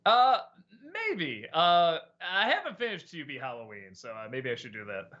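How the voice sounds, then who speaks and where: A man with a bright, forceful voice and a lively, swinging pitch chats casually on a livestream. He laughs often and stumbles over restarts as he answers questions. The sound is a bit dull and lo-fi. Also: normal speed. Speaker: show host answering chat questions.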